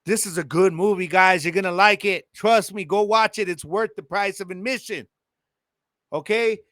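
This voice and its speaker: A man hosting a casual solo podcast with a Chicano English accent, talking to his listeners in a lively, slangy way. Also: sits high, normal speed, dry recording, clean studio sound. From El Paso, Texas. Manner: animated, slangy, addresses listeners directly. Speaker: podcast host.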